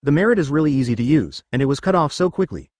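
A man reads a friendly male cultivator. The delivery is even and machine-like, with a lively pitch. The sound is dry. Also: fast talker, dry recording.

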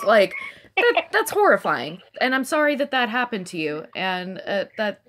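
Woman host, super animated, sympathetic, chatty. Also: medium pitch. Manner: expressive, sympathetic, quick to agree. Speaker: podcast host. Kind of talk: casual chat.

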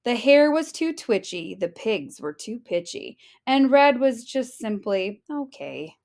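Teacher reading a storybook aloud, sing-song rhyming delivery, unhurried, lively pitch. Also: female voice.

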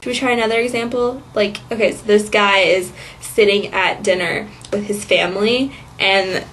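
A woman's voice: medium pitch, steady tone, normal speed, a bit bright, a little hiss or hum. A woman vlogging in a casual, chatty monologue, rambling with lots of fillers and giggles.

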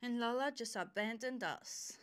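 A woman's voice: on the high side, a little slow, fairly bright tone, clear, resonant tone. A woman chatting with her viewers while she works out, joking between exercises and winded from the effort. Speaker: fitness vlogger.

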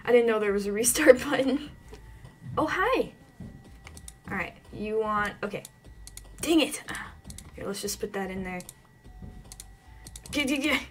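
A woman's voice: medium pitch, moderate pace, long pauses, slight background noise. A woman giving casual let's-play commentary, talking to herself with frequent flustered yelps and laughs. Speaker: gaming channel host.

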